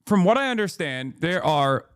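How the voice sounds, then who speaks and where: A man's voice: on the high side, sing-song, normal speed, clear, resonant tone, dry recording, studio quality. An American man giving heated, profane and sarcastic commentary while reacting to clips. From United States. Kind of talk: ranting commentary.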